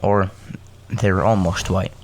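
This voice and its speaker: Low-voiced man reading a story casually. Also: level tone, a little mellow, a little hiss or hum. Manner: halting, self-correcting, joking asides between coughs. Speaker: podcast host reading a story.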